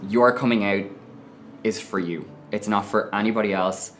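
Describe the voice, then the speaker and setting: A man's voice: on the low side, normal speed, fairly bright tone, slight background noise. Frank Irish man telling his story. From Ireland. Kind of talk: personal testimony to camera.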